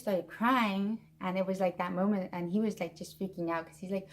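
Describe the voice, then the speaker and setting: A woman's voice: mid-range voice, fairly quick, hardly any pauses. A woman in her thirties casually retelling a stressful family story to camera, rambling, with many restarts and acted-out quotes. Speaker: vlogger.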